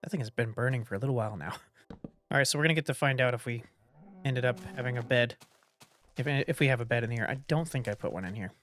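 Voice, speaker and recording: Talking fast in a mid-range voice over background noise, a man rambles through casual commentary as he builds in a block-building game. He thinks out loud, trails off between ideas, and hums little doop sounds.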